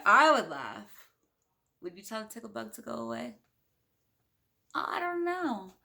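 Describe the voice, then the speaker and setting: A woman reads a children's picture book aloud and chats with the listeners between pages. She sounds playful and a bit high-voiced, with noticeable vocal fry. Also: bright, forceful tone, a little hiss or hum. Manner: playful, chatty, talks to listeners. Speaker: storybook reader. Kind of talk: children's read-aloud with chatty asides.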